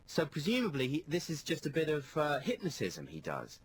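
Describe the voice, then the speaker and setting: Animated male radio co-host, very lively pitch. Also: fairly quick. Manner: animated storytelling with lively shifts in tone. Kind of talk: casual radio banter. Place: radio studio. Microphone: studio microphone.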